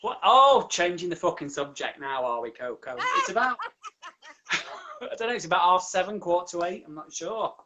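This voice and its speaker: A man's voice: high voice, expressive, normal speed, background noise. A man with an English accent hosting a casual video-call interview as a drag queen, cheeky and sweary, laughing often. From England.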